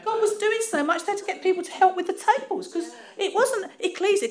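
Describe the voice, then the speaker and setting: A woman's voice: very high voice, lively intonation, fairly quick, hardly any pauses. A woman from London's East End with a Cockney accent, preaching an informal, laughing, self-deprecating sermon.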